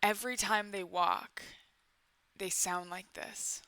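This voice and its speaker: A woman's voice: medium pitch, fairly even intonation, slow pace, loud music behind the voice. A woman in her twenties hosting a casual comedy commentary about a bad movie, full of sarcastic, playful asides. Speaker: YouTube commentary host.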